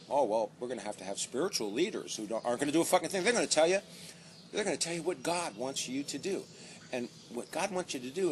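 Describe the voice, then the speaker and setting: Profane ranting man, lively pitch. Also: slight background noise. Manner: swears constantly, sarcastic and heated. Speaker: author commenting on his book. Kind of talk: profane comic rant.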